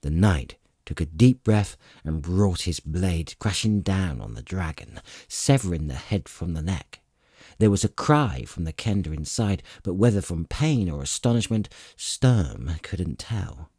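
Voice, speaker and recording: A deep, dark male voice narrating a fantasy novel with an unhurried, dramatic delivery. His pitch moves expressively, and the voice has a husky grain. The recording is dry and close-miked. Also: lively intonation, no room sound. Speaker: audiobook narrator.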